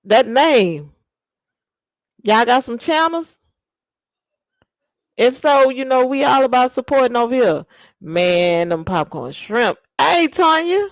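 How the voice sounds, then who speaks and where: A woman's voice: on the high side, lively intonation, takes it slowly, pauses often, no echo. A woman hosting a casual live chat with viewers, playful and teasing, drawing out lists of food. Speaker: livestream host.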